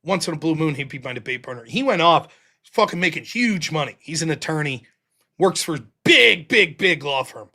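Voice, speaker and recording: A man's voice: fairly high pitch, lively intonation, a little fast, bright, forceful tone. An American man in his forties hosting a show, telling rowdy, profane stories and acting out the people in them. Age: 40s. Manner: profane, rowdy, acts out quoted voices. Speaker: show host. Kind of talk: casual storytelling monologue.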